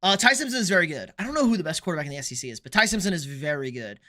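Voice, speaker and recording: Bright high-voiced man hosting a sports stream. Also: lively intonation. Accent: Texan. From Texas. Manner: blunt, joking, opinionated, quick asides. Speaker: sports livestream host. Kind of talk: casual livestream chat reading comments.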